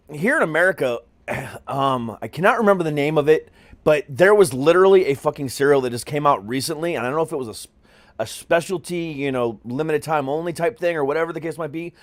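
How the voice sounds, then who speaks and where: A man's voice: a little high, fast talker, no room sound. A man hosting a podcast, swearing constantly and ranting with great energy in casual chat. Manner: profane, animated ranting. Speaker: podcast host.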